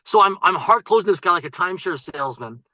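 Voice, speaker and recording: A man's voice: high voice, animated, quick pace, sharp tone, dry recording, poor audio. A man, a podcast guest who coaches and writes, telling a personal story emphatically, often repeating and restarting his phrases.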